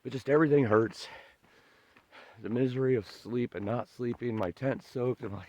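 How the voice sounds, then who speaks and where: A man's voice: mid-range voice, normal speed, a little mellow, lo-fi sound. A man vlogging on a long-distance hike in a forest, talking in an earnest, emotional, rambling way. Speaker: thru-hiker vlogger. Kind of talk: casual trail vlog. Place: forest trail outdoors.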